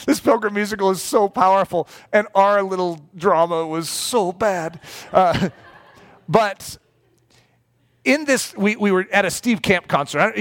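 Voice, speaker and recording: Animated middle-aged male preacher. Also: a little high. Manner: animated, breaks into lively acted-out quotes. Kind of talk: storytelling sermon.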